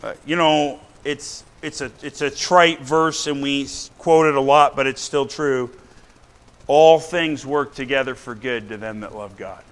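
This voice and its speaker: A man's voice: medium pitch, unhurried, a bit bright. A man preaching a sermon in a church, blunt and conversational, often checking in with his listeners. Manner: blunt conversational preaching, keeps asking "right?". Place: church with a responding congregation.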